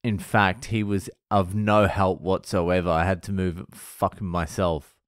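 A man's voice: low voice, flat delivery, measured pace, no room sound, studio quality. Blunt, swearing Australian man. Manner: blunt, swears a lot, rambling storytelling. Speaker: vlogger. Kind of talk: casual monologue vlog.

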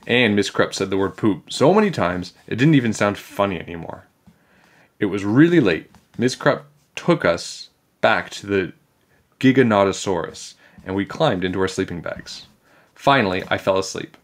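Low-voiced man reading a kids' book. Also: moderate pace. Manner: animated, playful. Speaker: storybook reader. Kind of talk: reading a children's book aloud.

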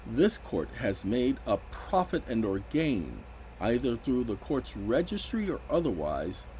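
A man's voice: medium pitch, wildly swooping pitch, unhurried, darkish tone, a little hiss or hum, rough recording. Emphatic man explaining legal rights. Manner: emphatic, rises sharply when indignant. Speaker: legal commentator. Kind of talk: casual explanatory commentary.

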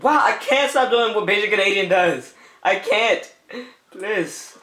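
A man's voice: sits high, unhurried, bright, forceful tone, roomy sound, soft background music. A man giving playful let's-play commentary, teasing the other players and often breaking into laughter with goofy repeated calls. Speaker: gameplay commentator.

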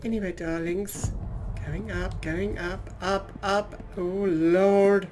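A drag queen, a man, giving camp, theatrical gameplay commentary from a trailer, calling everyone darling, his voice turning slightly husky. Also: high-pitched, fairly even intonation, slow, darkish tone. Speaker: drag queen gaming streamer.

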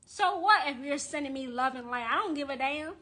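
Woman, witch and tarot reader, high and bright voice, blunt, profane livestream rant. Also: animated, fairly quick. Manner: repeats phrases for emphasis. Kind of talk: live-streamed rant.

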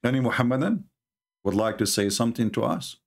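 Brisk and medium-pitched, this male livestream host speaks with non-native English grammar while scornfully mocking religious debate.

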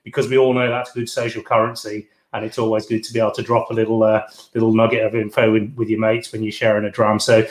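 A man's voice: lowish voice, monotone, fast, hardly any pauses, echoey room. A man speaking as a guest expert at an online tasting, casual and a little hesitant.

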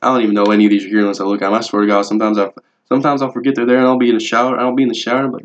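Fast-talking profane young man. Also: fairly low pitch, flat delivery. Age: young adult. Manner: profane, rambling, laid-back and blunt. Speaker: vlogger. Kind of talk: casual vlog monologue showing his tattoos. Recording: dull lo-fi home video audio.

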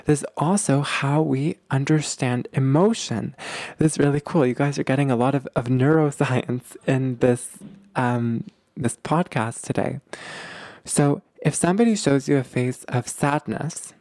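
A man's voice: mid-range voice, measured pace, a little mellow, no echo. A man hosting a podcast, explaining ideas to his listeners in an earnest, casual way, repeating himself and calling them "guys". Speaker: podcast host. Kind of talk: casual advice podcast talk.

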